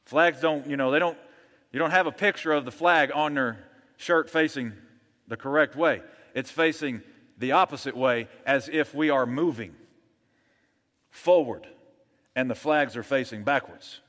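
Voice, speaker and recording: Brief: male pastor, emphatic rallying sermon delivery, mid-pitched, long hall reverb. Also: unhurried, fairly bright tone.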